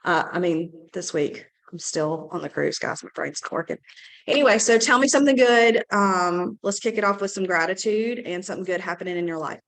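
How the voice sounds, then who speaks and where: A woman with a hoarse, scratchy voice from a cold, hosting a team meeting in an upbeat, chatty, rambling way. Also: on the low side, fairly even intonation, a little fast, few pauses, fairly bright tone. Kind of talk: casual meeting talk.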